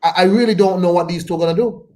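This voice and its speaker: Guy chatting on a podcast, bit higher voice, retelling what people said. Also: racing, darkish tone. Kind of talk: casual chat.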